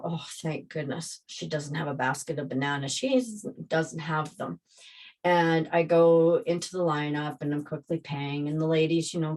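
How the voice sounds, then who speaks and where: Low-voiced woman telling a story. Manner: rambling, animated, re-enacts scenes. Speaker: vlogger telling a personal story. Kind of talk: casual personal storytelling.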